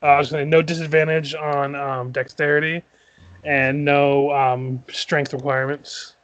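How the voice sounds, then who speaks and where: A man playing a tabletop game, chatting in a relaxed way and thinking aloud with ums. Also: fairly high pitch, moderate pace, dry recording. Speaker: player. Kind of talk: casual tabletop game chat.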